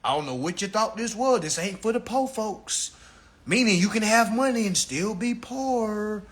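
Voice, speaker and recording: A man in his thirties hosting a live stream, ranting to his audience in a profane, preachy and animated way. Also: high voice, moderate pace. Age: 30s. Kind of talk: casual rant on a live stream.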